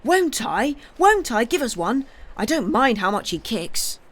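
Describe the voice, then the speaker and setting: A woman voicing a bold, excitable little boy who shouts in a shrill, excited way. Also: takes it slowly, slightly rough, heavily acted.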